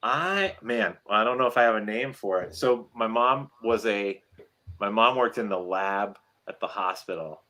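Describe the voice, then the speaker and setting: Male co-host, casual chat, forceful bright timbre, easygoing. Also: fairly low pitch, moderate pace.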